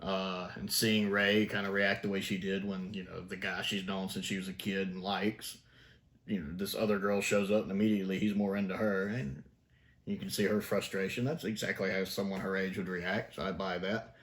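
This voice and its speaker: A man's voice: sits low, level tone, normal speed, fairly bright tone. A man from the American South with a Southern accent, casually reviewing a TV episode in a rambling, chatty way, with restarts and small laughs. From Southern United States. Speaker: TV review vlogger.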